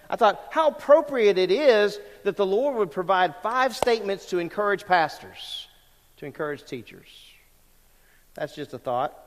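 Man, pastor, emphatic conversational sermon, slightly high voice, long church reverb. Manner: emphatic, conversational preaching with rhetorical questions. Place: large church sanctuary.

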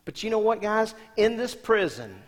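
Pastor preaching in a reverberant hall. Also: male voice, high-pitched, big pitch swings, moderate pace. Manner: asks the congregation rhetorical questions; swings between loud emphatic lines and quiet soft ones. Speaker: senior pastor. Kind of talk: sermon.

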